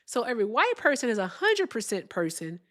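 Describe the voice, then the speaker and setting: A woman's voice: on the high side, a little fast. Emphatic woman streaming live. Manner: animated, emphatic, swears, stretches words for emphasis. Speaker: livestream political host.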